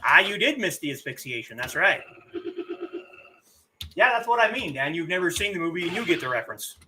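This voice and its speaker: A man's voice: on the high side, big pitch swings, brisk, background noise. A middle-aged man casually bantering with his chat while livestreaming a game. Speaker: livestream gamer.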